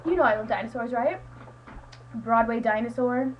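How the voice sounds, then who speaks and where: A woman's voice: fairly high pitch, steady tone, moderate pace, a little hiss or hum, poor audio. A teenage girl chatting casually to a friend on her webcam, rambling with lots of "like" and "um". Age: teens. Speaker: student vlogger. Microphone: webcam mic.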